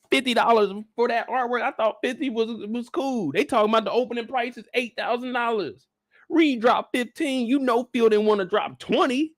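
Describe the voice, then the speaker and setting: A man's voice: very high voice, a little fast, a bit bright, no echo, clean studio sound. A man hosting a live after-show discussion, ranting in disbelief at his viewers and repeating phrases for emphasis. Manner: talks straight to his viewers. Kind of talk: animated live reaction commentary.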